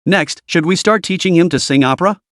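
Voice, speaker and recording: A man's voice: high-pitched, fairly quick, fairly bright tone, no room sound, studio quality. A man voicing a playful, teasing godmother in an audio story, with a giggly, theatrical way of talking.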